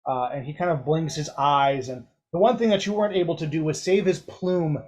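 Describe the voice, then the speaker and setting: Slightly high-voiced man running a game. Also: darkish tone. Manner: casual, rushes through rules. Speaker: game master. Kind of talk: narrating a tabletop game.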